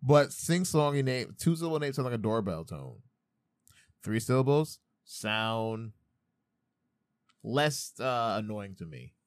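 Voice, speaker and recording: A man in his thirties co-hosting a podcast, chatting casually, playful and animated, swearing freely. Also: mid-range voice, a little slow, pauses often, no room sound, studio quality. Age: 30s. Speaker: podcast co-host. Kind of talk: casual chat. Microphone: studio microphone.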